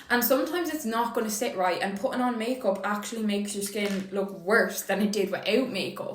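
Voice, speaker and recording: A woman's voice: medium pitch, reverberant, poor audio. A young Irish woman vlogging casually while doing her makeup, chatty and emotional, with casual swearing. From Ireland. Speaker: beauty vlogger.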